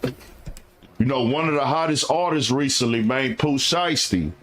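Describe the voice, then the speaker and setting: Male co-host, mid-pitched, talks in clipped hype phrases. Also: fairly bright tone, a little hiss or hum. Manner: hype-style rundown, quick clipped phrases. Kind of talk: casual commentary.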